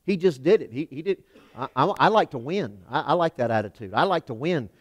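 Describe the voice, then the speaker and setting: A man preaching a sermon in a church, emphatic, swinging from loud declarations to hushed lines. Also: on the high side, expressive, brisk, lo-fi sound. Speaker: pastor. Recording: long hall reverb.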